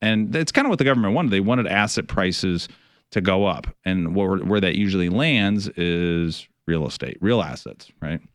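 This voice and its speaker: Low-ish middle-aged guy hosting a money radio show, rambly with lots of ums, dry close studio sound. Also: animated, moderate pace, no room sound. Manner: rambling, many fillers and restarts, wry sarcasm. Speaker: financial advisor and radio show host. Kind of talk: casual radio chat.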